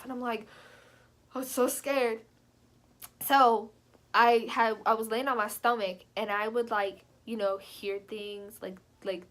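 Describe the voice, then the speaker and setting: A young adult woman telling a personal story in a casual vlog, animated and chatty, leaping up in pitch when she quotes herself. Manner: animated, jumps high when quoting herself; chatty, frequent fillers. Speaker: vlogger.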